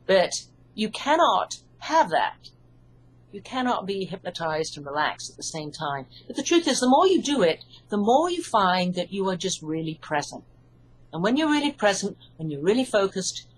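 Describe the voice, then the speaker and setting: A woman with an English accent, an author and hypnotherapist, calmly explaining her ideas in an interview. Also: mid-range voice, normal speed, slight background noise, rough recording. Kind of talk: interview answers.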